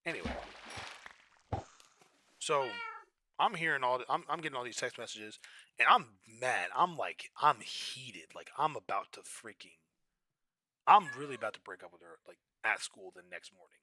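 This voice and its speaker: A young man streaming, telling a story in an animated, exasperated way. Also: medium pitch, moderate pace, pauses often, a little hiss or hum. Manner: animated, exasperated, rising to outrage.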